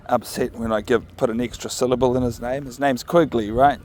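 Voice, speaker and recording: A man's voice: medium pitch, fairly quick, slight background noise. A man, chatting casually to camera while walking his dog outdoors by the sea. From New Zealand. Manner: relaxed, chatty, talks to his dog with soft commands. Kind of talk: casual outdoor vlog chat. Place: outdoors by a marina on a windy evening walk.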